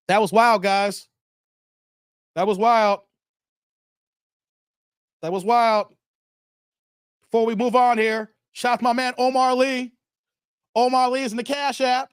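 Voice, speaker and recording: A man's voice: very high voice, slow pace, long pauses, clean tone, no echo, clean studio sound. A man from Chicago hosting a live stream, chatting casually and reading out viewer messages with a lot of laughter. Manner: animated, laughs often, reads viewer messages aloud.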